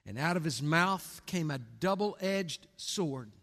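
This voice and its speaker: High bright-voiced preacher in a reverberant church. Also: male voice, expressive, slow pace. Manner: dramatic swings between hushed and booming delivery. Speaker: pastor. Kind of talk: sermon. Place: church sanctuary. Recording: long hall reverb.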